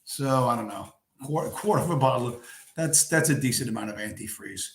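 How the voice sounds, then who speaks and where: A man hosting a late-night livestream tears into his viewers with blunt, crude language, his voice expressive, brisk and mid-range with vocal fry. He's losing his voice, and he's in a home room where a chair squeaks. There's a roomy echo on the recording.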